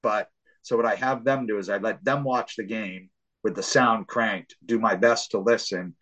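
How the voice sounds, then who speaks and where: A man hosting a casual sports podcast, telling an animated story full of swearing. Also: lowish voice, normal speed, low-quality recording. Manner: animated storytelling, acts out shouts and voices of family; swears freely. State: hard of hearing. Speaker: podcast host.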